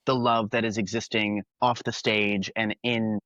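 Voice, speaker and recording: A man's voice: on the low side, flat delivery, measured pace, fairly bright tone, no echo, highs cut off. A young man hosting a podcast, chatting earnestly and at length about an album's songs and themes. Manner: earnest, talkative, quotes lyrics in character. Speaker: podcast host. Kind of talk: casual music review chat.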